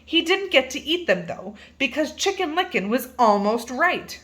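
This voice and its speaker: Woman, reading a kids' picture book aloud, playful, bright, lively pitch, drawn-out words. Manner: playful, animated, drawn-out emphasis. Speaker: reader.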